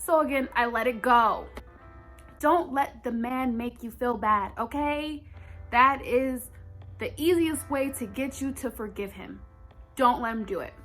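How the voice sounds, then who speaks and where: A woman's voice: on the high side, a bit bright. A young woman telling a personal story in a storytime vlog, talking straight to her viewers with emphasis. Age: young adult.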